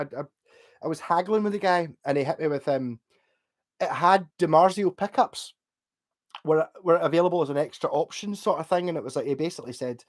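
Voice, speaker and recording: A man's voice: a little high, darkish tone. A chatty man streaming from home late at night, a few drinks in and rambling cheerfully. He hops between topics, reads out viewers' messages and breaks into easy laughs as he goes. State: drunk. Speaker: livestreamer. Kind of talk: casual livestream chat, reading out chat.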